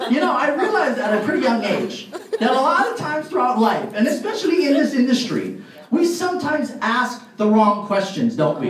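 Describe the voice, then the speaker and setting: A man with a high voice gives an animated motivational speech, laughing often and filling pauses with "um" and "uh". He sounds far off from the mic in a very echoey hall. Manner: animated storyteller, laughs often, many fillers. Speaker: motivational speaker at a sales party.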